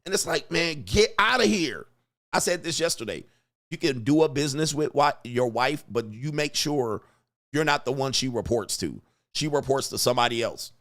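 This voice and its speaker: A man hosts a commentary vlog, talking profanely and animatedly and acting out quotes. His voice is mid-range and he speaks a little fast.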